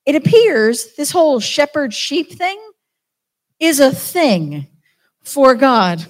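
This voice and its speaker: A British woman delivers a relaxed church sermon, chatty and self-deprecating between the readings. Her voice sits a little high, and she jokes easily with the congregation. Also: slow. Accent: British English. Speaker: church team member preaching. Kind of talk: informal sermon.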